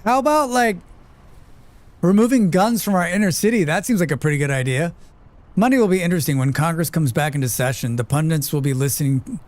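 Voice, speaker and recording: A man's voice: fairly high pitch, brisk, dry recording. A man streaming a game, chatting casually with viewers, swearing freely and laughing often. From United States. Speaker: livestreamer. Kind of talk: casual chat while playing, reading chat aloud.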